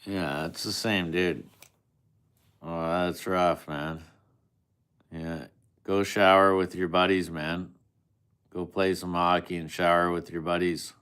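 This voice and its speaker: A man's voice: deep voice, flat delivery, slow pace, pauses often, a bit bright, clear, resonant tone. A man chatting casually with viewers on a live stream, teasing and swearing at them in an offhand way.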